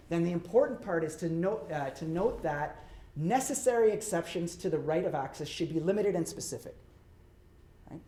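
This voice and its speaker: With a voice on the high side and a dark tone, this middle-aged man is a law professor delivering a public lecture. He keeps it conversational and frequently checks in with listeners using "right?".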